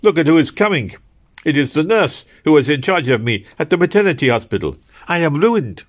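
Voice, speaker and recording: A man's voice: on the high side, very animated, a little slow, voice pushed up. A man voicing a frightened young Frenchwoman in an audiobook, breathless and panicky. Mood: panicked. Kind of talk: audiobook reading.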